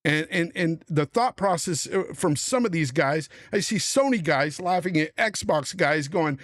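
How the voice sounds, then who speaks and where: A man's voice: fairly high pitch, lively intonation, unhurried, few pauses, fairly bright tone, no room sound, studio quality. A middle-aged man hosting a podcast panel, on a heated, profane rant about the industry. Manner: angry, profane, emphatic ranting. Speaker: podcast host.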